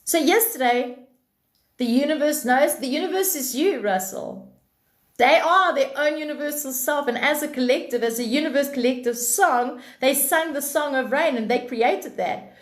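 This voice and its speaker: A woman with a bright, high-pitched voice hosts a live stream, chatting about spiritual ideas. She is blunt and animated and swears freely. The room around her has a clear echo. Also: normal speed. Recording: echoey room.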